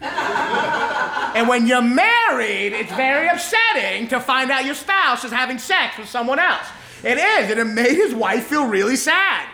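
A man in his thirties from Kentucky doing a deadpan, self-mocking stand-up set and chatting with the crowd. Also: very high-pitched, a little slow. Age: 30s. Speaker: stand-up comedian. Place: comedy club stage. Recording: echoey club, audience laughter.

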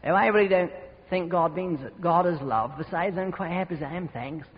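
A preacher doing a smug, dismissive passenger. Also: male voice, high voice, a little fast, close to an everyday voice. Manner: breezy, self-satisfied. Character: complacent, dismissive male airline passenger. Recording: dull reverberant hall recording.

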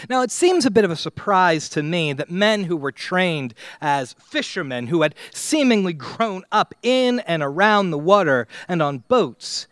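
A man preaching a sermon to his church, slow and dramatic, with long pauses and swings between loud and quiet. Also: high voice, no room sound, studio quality. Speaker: pastor.

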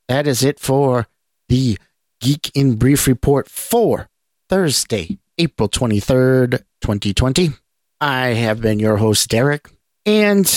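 Male podcast host, unhurried delivery, mid-pitched voice, casual rambling roundup. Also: no room sound, studio quality. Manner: relaxed and rambling, with restarts.

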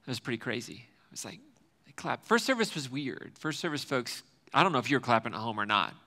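Joking, bright-voiced man preaching. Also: mid-range voice, lively intonation, quick pace. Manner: joking, chatty, self-mocking, often asks the room questions. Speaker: lead pastor. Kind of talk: casual sermon to a live congregation.

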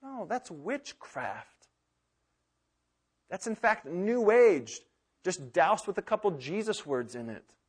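A man preaching a sermon in a church, swinging from loud urgency to hushed, intimate pleading. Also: sits high, sing-song, a little slow, husky. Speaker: pastor. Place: church sanctuary with congregation.

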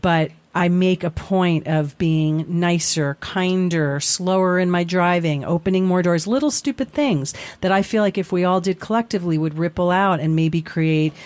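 A talk-show co-host speaking reflectively in casual conversation, pausing often with fillers. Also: medium pitch, darkish tone, clear, resonant tone, no room sound. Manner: reflective, halting, many fillers. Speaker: podcast co-host.

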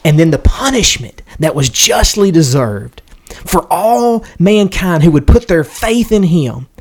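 A man's voice: high voice, expressive, measured pace. A male podcast co-host explaining a Bible passage, stumbling over restarts and checking in with the listener. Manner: leans on "right?" to check in. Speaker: podcast co-host teaching scripture. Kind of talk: Bible study discussion.

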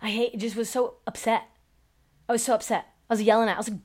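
A woman's voice: a little high, steady tone, quick pace, a little mellow. A woman dog trainer telling stories in a casual podcast chat, swearing freely and filling her speech with "like" and "um". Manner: profane, chatty storytelling with many fillers.

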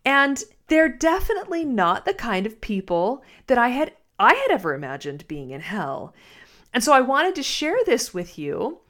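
Woman podcast host, reflective talk, halting delivery. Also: on the high side, very animated, fairly bright tone. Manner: thoughtful, halting, many restarts. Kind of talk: reflective spoken commentary.

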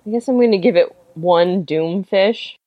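A woman co-hosting a casual comics podcast, blunt and quick to laugh. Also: lowish voice, dry recording, highs cut off. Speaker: podcast co-host reviewing comics. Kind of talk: casual chat.

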